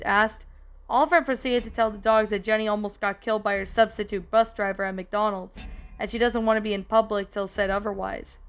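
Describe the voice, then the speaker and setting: A woman's voice: mid-range voice, clean tone. A woman reading a fan story aloud in a casual way with a few slips, adding her own comments. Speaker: story narrator and reviewer. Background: background music.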